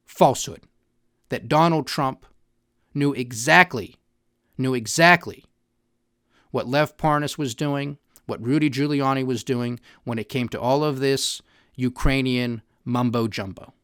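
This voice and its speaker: An emphatic man hosting a political commentary podcast, often checking in with his listener. His voice sits a bit high for a man, and the sound is dry and close to the mic. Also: fairly bright tone, no room sound. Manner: emphatic, repeats "All right?" to the listener. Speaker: podcast host.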